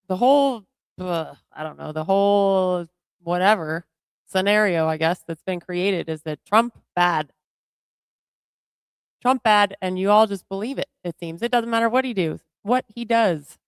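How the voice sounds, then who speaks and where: A woman's voice: mid-range voice, moderate pace, darkish tone, smooth, no echo. A woman co-hosting a livestream in casual political chat, bluntly answering chat comments. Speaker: co-host of a livestream.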